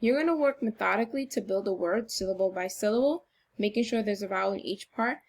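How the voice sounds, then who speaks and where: A woman teacher with a medium-pitched voice leads children through a recorded phonics lesson, speaking slowly and encouragingly with intentional exaggeration.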